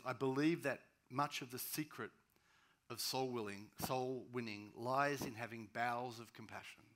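A man preaching a sermon as pastor, swinging between loud, urgent rises and quiet, slow drops. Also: mid-range voice.

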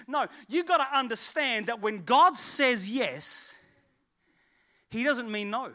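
A man's voice: extremely high pitch, slow pace. A middle-aged man preaching a sermon and telling a family story, acting out the voices of people in it. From England. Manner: animated, acts out voices of people in his stories. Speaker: pastor.

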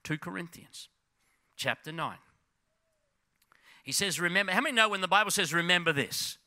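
A middle-aged male pastor preaching a sermon in a church, swinging between loud urging and hushed, intense passages. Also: high voice, animated, moderate pace.

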